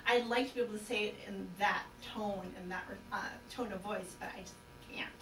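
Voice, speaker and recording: A woman's voice: medium pitch, steady tone, brisk. Hesitant woman on a distant, echoey mic. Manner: hesitant, many fillers, self-conscious. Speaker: hypnosis client. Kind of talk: casual interview talk. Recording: roomy, distant mic, noisy background.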